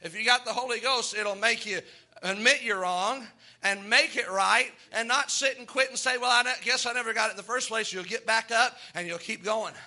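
A man's voice: very high-pitched, normal speed, pushed and bright. A man who is a pastor, preaching a sermon in a fervent, emphatic way, with folksy, self-deprecating stories.

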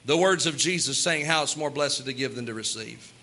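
A man preaching a sermon as pastor, earnest, with quick asides and little laughs. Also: medium pitch, sharp tone.

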